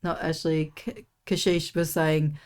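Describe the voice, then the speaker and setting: Chatty Australian mother, low voice. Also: flat delivery, unhurried. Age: middle-aged. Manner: warm, rambling, many "you know"s. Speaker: podcast guest, host's mother. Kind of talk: casual chat.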